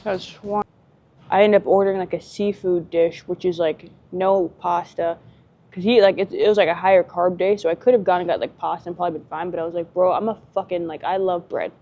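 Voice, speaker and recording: A woman's voice: on the low side, fairly even intonation, brisk, mellow, muffled recording, soft background music. A young woman bodybuilder chatting in a gym vlog, rambling with lots of "like" and "bro" and free swearing. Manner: rambling, swears freely, says "like" and "bro" often. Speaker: bodybuilder vlogger. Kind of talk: casual gym vlog chat.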